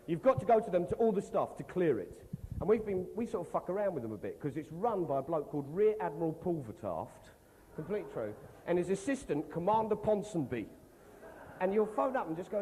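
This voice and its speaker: Lively comedian on a live stage. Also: male voice, high-pitched, fairly quick, a little hiss or hum. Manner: animated, sweary, mocking. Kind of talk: stand-up comedy storytelling. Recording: reverberant live stage recording.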